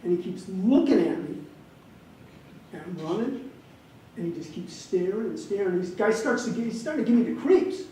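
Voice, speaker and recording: A man in his fifties from Wisconsin gives a keynote speech as an animated storyteller with comic timing. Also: sits high, normal speed. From Wisconsin, USA. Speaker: keynote speaker. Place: large hall, on stage. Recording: echoey hall, distant mic, faint noise.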